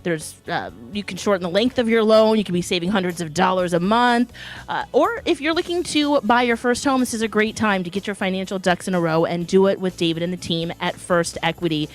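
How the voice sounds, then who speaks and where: A woman's voice: mid-range voice, fairly quick, faint music behind. A female radio co-host with a Minnesota accent doing a cheerful live sponsor read. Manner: upbeat, chiming in with quips. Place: live broadcast studio.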